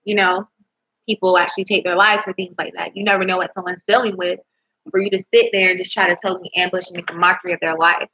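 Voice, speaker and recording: A husky young vlogger chats casually to camera at home indoors, rambling, eating as she talks, and swearing in disbelief. Her voice is on the low side and level but fast, bright, and forceful. Recorded on a laptop microphone, the highs are cut off.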